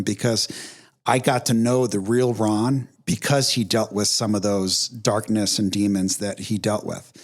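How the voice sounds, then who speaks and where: A middle-aged man hosts a casual podcast conversation in an ordinary mid-range voice. He talks candidly and with feeling, full of fillers and restarts. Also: mid-range voice. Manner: candid, emotional storytelling with fillers. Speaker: podcast host.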